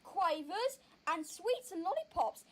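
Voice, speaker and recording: A man voicing a cheerful male sea sponge hero for a home plush video, with a squeaky, sing-song voice. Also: expressive, unhurried, a bit bright, full character voice. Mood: eager. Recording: noisy home video recording.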